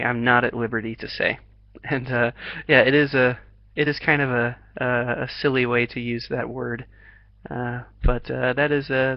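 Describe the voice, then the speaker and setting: An American man teaches an online English class over a video call, encouraging his student, laughing often, and using many fillers and restarts. His mid-range voice is creaky, and the recording sounds dry and lo-fi.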